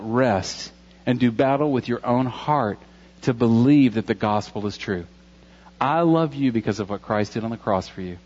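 A man's voice: mid-range voice, darkish tone, dull audio. Earnest man in his forties preaching. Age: 40s. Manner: earnest, conversational preaching with jokes. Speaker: pastor. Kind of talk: sermon.

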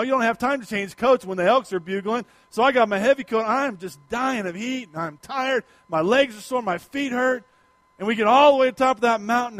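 A middle-aged male pastor delivers his sermon with a noticeably high voice. He tells a folksy personal story, rising to loud emphasis and dropping to quiet asides. The sound is close and dry. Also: no echo.

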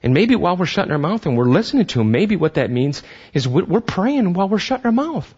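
A man preaching a sermon as pastor, animated, acting out voices and often restarting his sentences. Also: sits high, fast, few pauses, husky, dull audio.

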